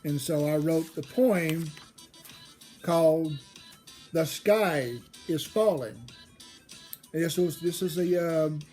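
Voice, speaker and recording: A woman telling a family story in a rambling, casual way, getting loud and excited as it builds. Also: deep voice, slow, pauses often. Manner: rambling, restarts, grows loud and excited in the retelling. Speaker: storyteller host. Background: faint background music.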